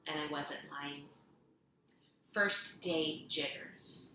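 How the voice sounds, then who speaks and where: A woman reading a children's novel aloud, gently narrating and lifting her voice for the characters. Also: extremely slow, slight background noise. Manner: gentle storytelling, voicing characters with raised pitch. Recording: echoey room.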